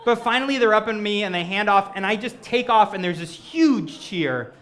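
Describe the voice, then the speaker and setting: A man performing stand-up storytelling on stage before a live audience, animated and self-mocking. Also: sits high, moderate pace. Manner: animated, self-mocking, acts out quoted voices. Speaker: comedic storyteller.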